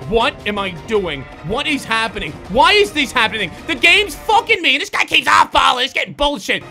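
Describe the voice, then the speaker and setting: A young man doing live commentary on a basketball video game, muttering to himself one moment and shouting curses the next. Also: extremely high pitch. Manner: swings from muttered self-coaching to shouted profane outbursts. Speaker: gaming YouTuber.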